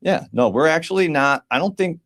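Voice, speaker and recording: A man's voice: a little high, a little fast. A man co-hosting a podcast, telling a story in casual slangy chat and acting out what other people said. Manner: animated storyteller, slangy, acts out others' lines. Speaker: podcast co-host.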